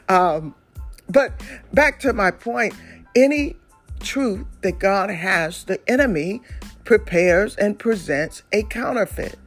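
A woman preaching a sermon in a conversational way, with fillers and restarts. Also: on the low side.

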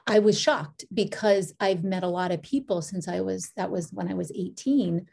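Gravelly, mellow-voiced middle-aged woman. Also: mid-range voice, moderate pace. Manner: meandering, with restarts and lively quoted asides. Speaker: podcast guest. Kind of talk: casual interview storytelling.

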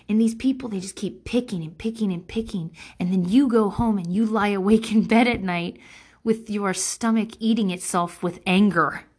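A woman in her thirties talking casually to camera, blunt and profane, giving advice while she vents about passive-aggressive people. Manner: blunt and profane, with sarcastic impressions of others; animated, swinging between loud outbursts and low mutters.

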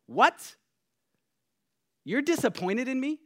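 A man voicing a hurt, indignant Peter who loudly protests in a raised voice. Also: sing-song, moderate pace. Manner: high, loud, protesting. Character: indignant, hurt adult male disciple Peter.

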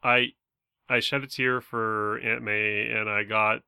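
Male co-host, very bright tone with some fry, lively, dry mic. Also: fairly low pitch, takes it slowly, dry recording. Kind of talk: casual film discussion.

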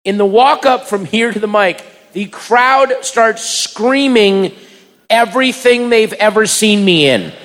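A man doing stand-up, telling a story in an animated way, acting out voices and shouting punchlines. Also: high-pitched, unhurried. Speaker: stand-up comedian. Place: comedy venue before a live audience. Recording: live room with long reverb and crowd. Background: audience laughter and crowd noise.

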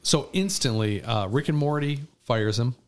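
As a podcast co-host in casual conversation, a man tells stories with animation in a mid-range voice at normal speed. Fillers and restarts crop up, and he tends to trail off.

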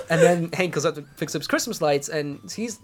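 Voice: medium pitch, big pitch swings, normal speed, faint music behind. A podcast host recapping an episode in casual chat, rambling with many restarts.

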